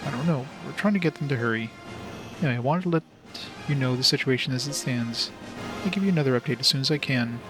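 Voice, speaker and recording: A calm male security commander, voiced by a man reading the game aloud, reports in a measured, businesslike way at a middling pitch. His delivery stays level and official. Clear game music runs underneath. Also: lightly acted.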